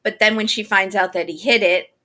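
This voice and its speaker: A woman's voice: medium pitch, fairly even intonation, brisk, sharp tone. A woman guest on a podcast, chatting casually with wry, joking asides. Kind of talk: casual chat.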